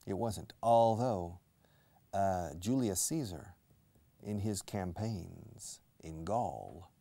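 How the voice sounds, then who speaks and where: A low, gravelly male voice with a mellow, dark tone. He teaches English in an unhurried, chatty way. He repeats key words and keeps asking his learners questions. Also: lively intonation. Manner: explains slowly, repeats words, switches to Spanish for learners. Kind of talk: casual language lesson.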